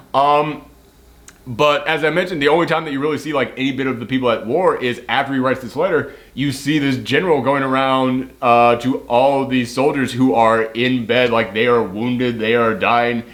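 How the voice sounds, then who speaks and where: A man talks casually through a film review, rambling and leaning on fillers. His voice sits at an ordinary middle pitch. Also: a bit bright. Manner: chatty, rambling with many fillers.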